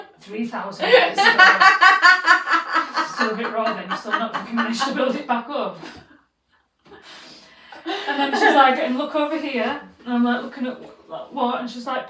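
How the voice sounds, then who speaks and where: A woman co-hosting a podcast, telling a story in a casual, animated way and swearing freely. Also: a little high, recorded from a distance. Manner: animated, swears freely, acts out quoted voices. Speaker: podcast co-host. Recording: roomy sound, away from the mic.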